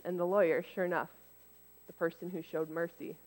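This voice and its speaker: A woman giving a casual, conversational sermon, turning lively when she acts out what others said. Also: lowish voice, fairly quick. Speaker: preacher. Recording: long reverb in a hall.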